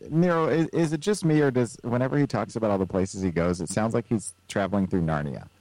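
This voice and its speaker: A man's voice: fairly low pitch, fast talker, darkish tone, no room sound, rough recording. A man hosting a podcast in casual chat, teasing and jokey. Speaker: podcast host.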